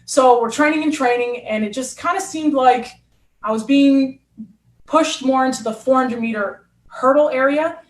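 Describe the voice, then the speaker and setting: Woman, former hurdler and coach, higher voice, echoey room, animated storytelling. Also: normal speed. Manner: animated, acts out quotes. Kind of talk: conversational storytelling.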